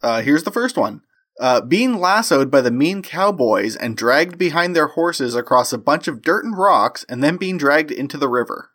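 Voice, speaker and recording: A man's voice: on the high side, animated, moderate pace, fairly bright tone. A man hosting a comedy podcast, joking around and running quiz games in casual chat. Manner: goofy, hosts quiz games. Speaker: podcast host.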